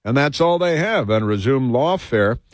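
A man's voice: medium pitch, animated, normal speed, no echo, clean studio sound. A man hosting a talk show, delivering a rambling monologue full of fillers and restarts.

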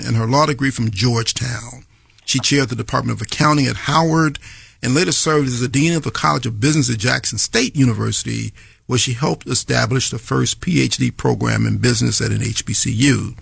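A man hosting a radio talk show, giving a long introduction and interviewing a guest in a measured, emphatic way. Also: medium pitch, creaky, fairly bright tone, slightly rough, no room sound.

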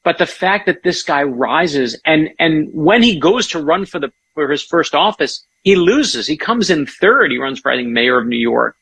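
Man, husky voice, gravelly edge, enthusiastic author chatting. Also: on the high side, expressive, fairly bright tone. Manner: enthusiastic storyteller, quick asides. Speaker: author guest. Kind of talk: casual chat.

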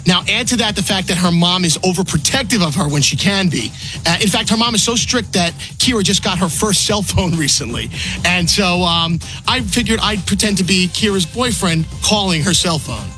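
Brief: radio prankster, bright tone, deadpan and mock-smooth. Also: male voice, high-pitched, normal speed, faint music behind, poor audio. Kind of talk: prank phone call.

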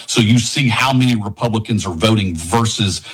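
A man's voice: fairly low pitch, normal speed. A man from Tennessee, a congressional candidate, speaking emphatically as a radio guest. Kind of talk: campaign interview on radio.

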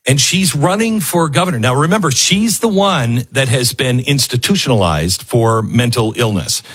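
A man's voice: mid-range voice, animated, normal speed, fairly bright tone, husky. A man hosting a casual news commentary show, sarcastic and acting out the people he quotes. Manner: sarcastic, acts out quotes in other voices.

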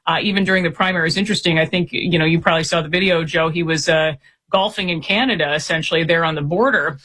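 A man in his forties speaks as a reporter guest on a political interview. His voice sits high and sounds bright and forceful. He talks quickly, stumbling through restarts and fillers. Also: steady tone. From Minnesota.

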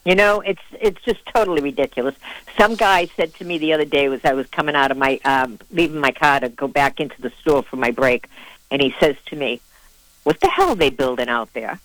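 A woman's voice: low voice, brisk, no echo, low-quality recording. A woman with a Boston accent calls in to a radio talk show. She is chatty and indignant, running through stories at length. Her voice is close and dry. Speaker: caller. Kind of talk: call-in radio chat.

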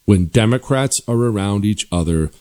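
A man hosting a political commentary show, talking forcefully and sarcastically with emphatic repetition. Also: lowish voice, animated, normal speed.

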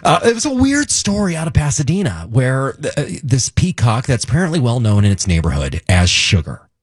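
A man's voice: medium pitch, a little fast, husky, dry recording, clean studio sound. A man co-hosting a casual radio show, reading breaking news and bantering about local stories. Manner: lively, joking, reads news off the wires. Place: radio studio. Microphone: studio microphone.

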